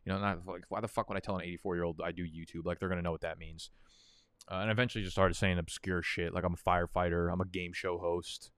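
A man's voice: deep voice, level tone, quick pace, a bit bright, smooth, dry recording, studio quality. A young man casually chatting and rambling, profane and prone to tangents, while hosting a fantasy football draft stream. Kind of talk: casual livestream chat.

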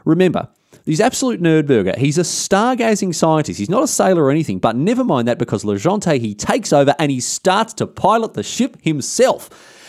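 Australian man, casual history storyteller, irreverent, lively pitch, quick pace. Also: dry recording, clean studio sound. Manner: irreverent and slangy, quick to joke.

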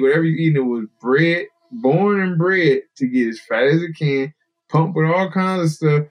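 A man with a slightly high voice, recorded muffled, guests on a podcast as a fighter and bowhunter. He tells stories casually and animatedly, acting out the people he quotes.

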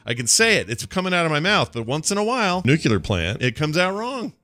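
A man co-hosting a casual podcast, telling rambling stories in a lively, animated way. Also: high-pitched, fast talker, no room sound. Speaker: podcast co-host. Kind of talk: casual chat.

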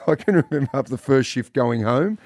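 A man's voice: medium pitch, animated, brisk, darkish tone, dry recording. An Australian man hosts a talkback radio show, chatting easily with callers and his co-host. His voice sits in the middle range and is recorded close and dry in the studio. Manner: chatty, jokey. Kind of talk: casual talkback radio chat. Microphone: studio microphone.

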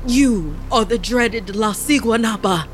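A woman's voice: on the high side, animated, unhurried, soft background music, pitched above the performer's own voice. A woman voicing a terrified pleading man. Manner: stammering, begging. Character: frightened unfaithful young man pleading.

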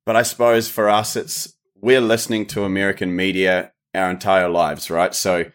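Easygoing New Zealand man, lowish voice. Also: flat delivery, moderate pace, smooth. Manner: easygoing, hedging with lots of "sort of". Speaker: podcast guest. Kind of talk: casual interview chat.

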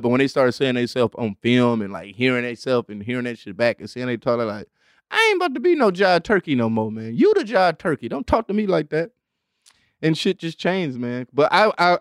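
A man hosting a podcast in casual, animated comedic chat, laughing often and slipping into exaggerated voices when he quotes people. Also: mid-range voice, no room sound, studio quality. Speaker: podcast host.

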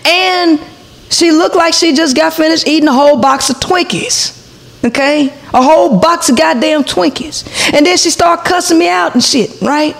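A woman's voice: sits high, normal speed, vocal fry. A woman in her forties, hosting a podcast, tells a heated story to her viewers, profane and full of asides to the audience. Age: 40s. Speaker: podcast host.

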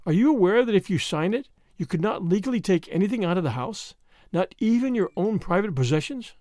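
Guy doing a careful lawyer, grave and measured, lively voice. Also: high-pitched, dry recording, clean studio sound. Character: cautious male lawyer.

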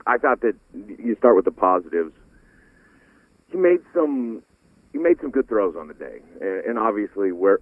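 On sports radio, a football analyst breaks down game film in a low-pitched voice. He's animated and keeps restarting his sentences, repeating words as he does. The line sounds tinny, like a phone, with no room sound.

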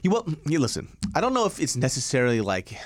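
A man's voice: medium pitch, huge pitch swings, fast talker, dry recording, studio quality. A man co-hosting a podcast, talking bluntly and swearing freely in casual chat. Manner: profane, blunt storytelling. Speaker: podcast co-host.

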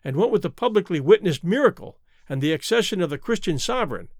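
A male narrator reading a story in lively, expressive audiobook style. His voice is fairly high and swings widely in pitch. The recording is dry and close. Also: fast talker, dry recording.

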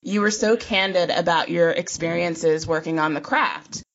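A woman's voice: lowish voice, moderate pace, creaky, a bit bright, dull audio. A woman co-host interviewing a guest in a casual, encouraging way.

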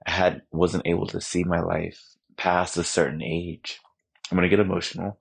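A man giving a heartfelt personal testimony as a podcast guest, halting and full of fillers. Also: sits low, flat delivery, gravelly, slightly rough.

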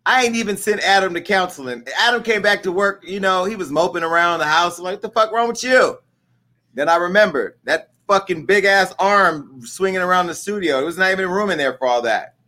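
A man's voice: high voice, pushed and bright. A man hosting his show in a rambling, crude and joking monologue. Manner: bawdy, rambling, joking asides. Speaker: show host. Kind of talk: casual crude comedic monologue.

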